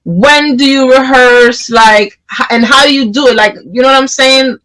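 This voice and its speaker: A woman's voice: high-pitched, fairly even intonation, moderate pace, a bit bright, low-quality recording. A woman hosting an interview, asking questions and reacting often with short exclamations in a casual way. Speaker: interviewer, host.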